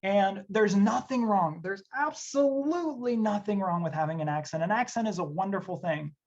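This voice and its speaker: A man's voice: sits high, moderate pace, darkish tone. A man from Tennessee who works as an instructional designer, leading an online workshop in an earnest, conversational way with many fillers. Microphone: computer mic on a video session. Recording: dull lo-fi audio.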